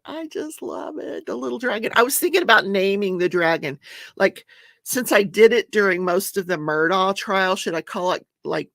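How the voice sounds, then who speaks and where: A woman's voice: on the low side, creaky, a bit bright, no room sound, studio quality. An older woman hosting a casual home livestream, chatting and laughing as she greets viewers by name. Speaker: livestream host.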